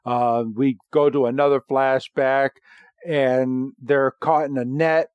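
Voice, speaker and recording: A man co-hosting a podcast, casually recapping a cartoon episode in a rambling, halting way. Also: mid-range voice, little pitch movement, clean tone, no echo, highs cut off. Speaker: podcast co-host.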